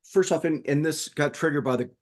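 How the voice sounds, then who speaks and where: Male co-host, emphatic storyteller, loose and lively. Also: fairly high pitch, a little fast. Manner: animated storyteller, emphatic, many restarts. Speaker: podcast co-host. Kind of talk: conversational discussion.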